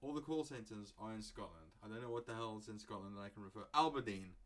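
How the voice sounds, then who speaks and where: A young Englishman rambles through a casual solo podcast, joking and swearing freely along the way. His voice is fairly low-pitched and fast.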